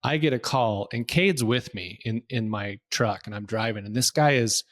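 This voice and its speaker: A man co-hosting a casual podcast, telling stories in an animated way and acting out the voices of the people he talks to. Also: fairly low pitch, normal speed. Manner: animated storyteller, acts out phone callers. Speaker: podcast co-host. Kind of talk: casual conversational podcast chat.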